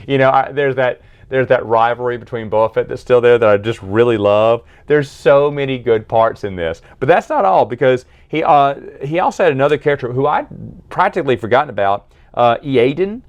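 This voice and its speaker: A man's voice: medium pitch, animated, fairly quick, muffled recording. A man giving a casual book review, retelling scenes enthusiastically with lots of fillers and restarts.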